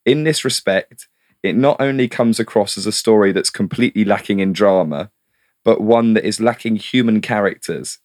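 A man's voice: lowish voice, moderate pace. A man co-hosting a casual film review podcast, laughing often and swearing casually. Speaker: podcast co-host.

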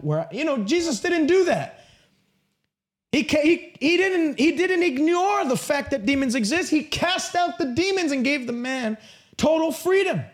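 A man preaching a sermon with passion and emphasis, sometimes rising to a shout. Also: very high-pitched, very animated, measured pace.

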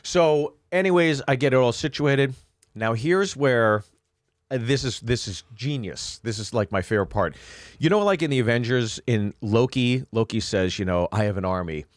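A man's voice: medium pitch, normal speed, no echo, studio quality. A man co-hosting a podcast, telling a long funny anecdote in casual chat and acting out the people in it. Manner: animated anecdote-telling with voiced quotes. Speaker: podcast co-host.

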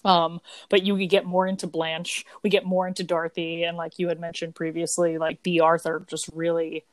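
A woman's voice: fairly low pitch, flat delivery, normal speed, no echo. A woman in her thirties, co-hosting a podcast, chatting at length in a rambling, think-aloud way. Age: 30s. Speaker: podcast co-host. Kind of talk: casual chat.

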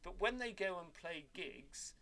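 A man's voice: high voice, measured pace, creaky. An older man telling rambling anecdotes in casual chat, cursing freely. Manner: lively rambling storyteller, swears freely.

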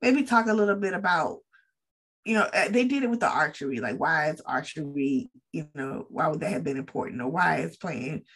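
Woman podcast co-host, low and a bit husky, easygoing and agreeable. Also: a little fast. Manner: relaxed, agreeable, hedges with fillers. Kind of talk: casual chat recapping a TV show.

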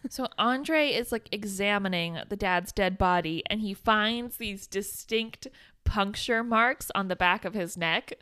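A woman's voice: mid-range voice, unhurried, bright, forceful tone, smooth. A young woman co-hosting a podcast, chatting casually and animatedly about a film, laughing and swearing freely. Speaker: podcast co-host. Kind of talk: casual chat recapping a film.

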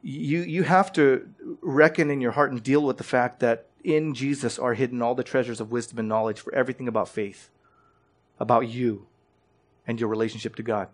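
A man's voice: medium pitch, fairly even intonation, a little fast. A man preaching a sermon as pastor. He presses his points with direct questions and rising emphasis, and often repeats words as he starts a phrase.

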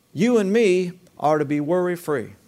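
Male pastor, high-pitched, conversational sermon with call-and-response. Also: darkish tone. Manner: conversational preaching with rhetorical questions and call-and-response.

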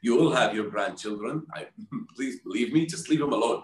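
Kuwaiti man in his forties, animated storyteller, mid-pitched, recorded off mic in a roomy space. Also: fast, distant mic. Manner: animated storyteller, acts out friends' voices. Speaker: guest. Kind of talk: casual podcast chat.

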